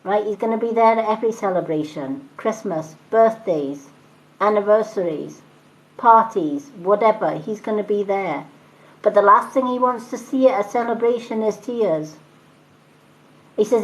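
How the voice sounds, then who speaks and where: A woman's voice: medium pitch, normal speed, rough recording. A woman giving a live spiritual reading, chatty and reassuring, often repeating phrases and asking "right?". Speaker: psychic reader.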